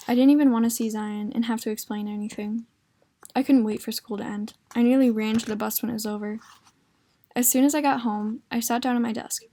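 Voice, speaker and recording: A woman reading a novel aloud at a library, in steady first-person narration. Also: on the high side. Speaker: library reader.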